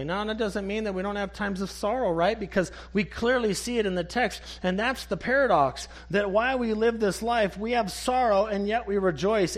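A male preacher delivering a sermon, his voice sitting a little higher than most men's. He is emphatic and poses rhetorical questions, then answers them in hushed, single words. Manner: emphatic, rhetorical questions, dropping to soft one-word answers.

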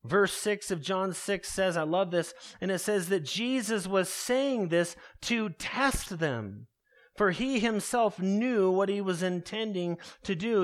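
A man preaching an earnest expository sermon, calling his listeners beloved. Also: high voice.

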